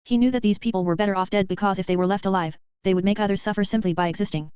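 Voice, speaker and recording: A woman reading a web novel as an audiobook in a quick, even narration with barely changed character voices. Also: medium pitch, clear, resonant tone, no echo. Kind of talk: scripted narration. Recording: slightly dull, dry sound.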